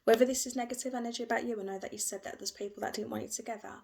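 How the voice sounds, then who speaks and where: A woman giving an emotional, gentle tarot reading, repeating herself often. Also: on the high side, steady tone, very fast, creaky. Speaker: tarot reader.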